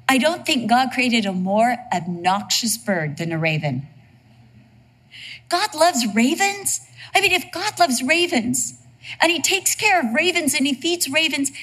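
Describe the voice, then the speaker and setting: Woman preaching, lively and jokey, kinda high voice. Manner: animated, humorous storytelling preacher. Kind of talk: sermon.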